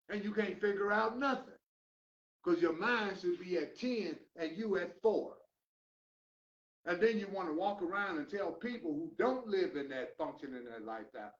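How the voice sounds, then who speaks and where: An older man teaching a recovery class, lecturing in a preachy way and swinging between loud emphatic questions and low mutters. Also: lively intonation, a little slow. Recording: roomy, distant, dull lo-fi room recording.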